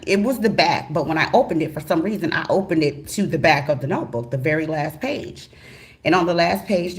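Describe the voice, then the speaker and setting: Animated, profane woman telling a story. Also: sits low. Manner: animated, profane, swings between hushed and loud. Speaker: tarot channel host. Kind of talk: casual storytelling to viewers.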